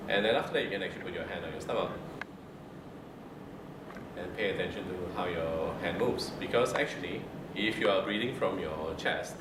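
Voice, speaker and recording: A man lectures students in a calm, measured way, his voice very low. He is recorded from a distance in a roomy, echoing lecture room. A loud air-conditioning hum runs underneath. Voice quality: low, mid-range voice. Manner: calm, measured, checks in with "okay?". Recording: roomy echo, far from mic, loud air-con hum.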